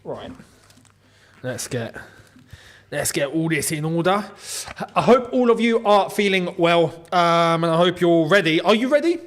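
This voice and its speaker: A young man hosting a live football watchalong, chatty and quick to laugh as he talks to his viewers. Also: fairly high pitch, expressive. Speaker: football channel host.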